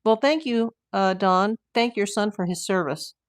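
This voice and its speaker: A woman's voice: medium pitch, moderate pace, no echo, clean studio sound. An older American woman hosting a casual livestream, chatting in a rambling way and reading viewer comments aloud. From United States. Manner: chatty, rambling with asides and fillers. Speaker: livestream host.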